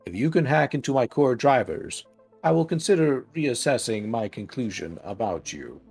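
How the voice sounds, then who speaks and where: A man's voice: mid-range voice, expressive, moderate pace, creaky, a little mellow, slightly rough, faint music behind. A man voicing a cold, calculating male robot professor who speaks in a clipped, formal, menacing way.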